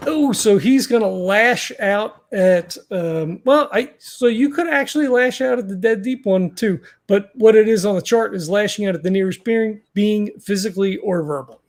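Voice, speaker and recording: A man's voice: high voice, normal speed, few pauses. A man running a tabletop horror game as game master, rambling with many fillers and restarts.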